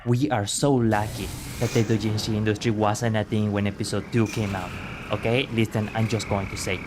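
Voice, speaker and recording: A man's voice: lowish voice, little pitch movement, fairly quick, background noise. A man chatting casually as he streams a game, joking around and apologizing often. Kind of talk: casual gameplay commentary.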